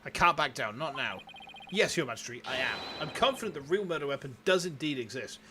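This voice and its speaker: A man's voice: fairly high pitch, animated, brisk, noisy background, pitched below the performer's own voice, natural voice. A man reading the lines of an earnest young defense lawyer in his own voice. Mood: determined. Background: game music.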